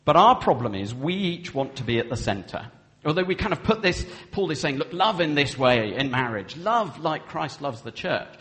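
A man's voice: a little high, very animated, moderate pace, a bit bright. A man preaching a sermon with earnest delivery, acting out spoken vows as he goes. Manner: earnest, acts out vows in quoted speech. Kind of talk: sermon on marriage. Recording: long hall reverb.

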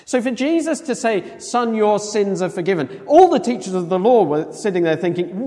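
Animated preacher in an echoing hall. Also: male voice, sits high, normal speed, hardly any pauses. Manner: animated, conversational, acts out quoted voices. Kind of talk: sermon. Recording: long echo of a large hall.

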